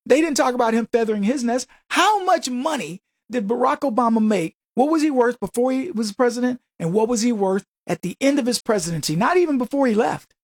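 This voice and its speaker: A man's voice: very high voice, lively intonation, brisk, hardly any pauses, no room sound. Combative male radio host, dry sound. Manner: combative, rhetorical questions. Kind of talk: political commentary monologue.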